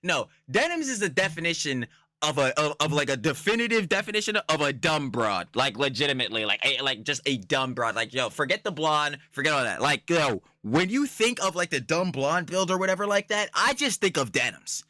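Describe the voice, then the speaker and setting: A man's voice: on the high side, very animated, a little fast, pushed and bright, dry recording, studio quality. A man doing casual reaction commentary, ranting in a profane, rambling, slangy way. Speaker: commentary YouTuber.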